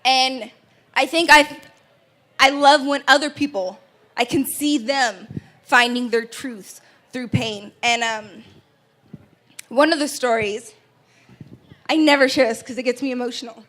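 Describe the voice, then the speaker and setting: High-voiced woman giving an emotional talk. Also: measured pace, pauses often, fairly bright tone. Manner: emotional, earnest, with stumbles and restarts. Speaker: keynote speaker. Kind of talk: personal testimony speech. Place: event stage before an audience.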